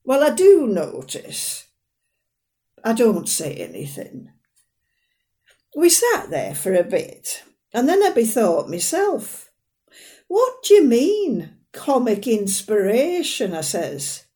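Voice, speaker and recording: A woman performing a dramatic monologue as a fussy, proud, sharp-tongued elderly northern mother with a dry, plain-spoken manner. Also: fairly high pitch, wildly swooping pitch, slow pace, heavily acted. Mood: wry.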